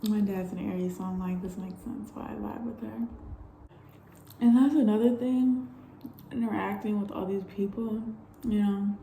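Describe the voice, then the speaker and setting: A young woman chats straight to camera with a very dark, mellow tone, her voice bouncing around a roomy space. She tells her travel stories in a candid, animated way and swears freely. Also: mid-range voice, normal speed, gravelly, a little hiss or hum. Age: young adult. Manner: candid, animated storytelling with frequent swearing and laughs. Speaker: travel vlogger. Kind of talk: casual storytelling vlog.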